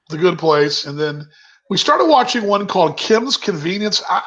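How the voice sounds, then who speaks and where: A man's voice: a little high, a bit bright. A man casually hosting a virtual happy hour from his kitchen, rambling and reading out viewers' comments. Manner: chatty, rambling, reads viewer comments aloud. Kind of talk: casual chat on a video call. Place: home kitchen. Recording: dull lo-fi video call audio.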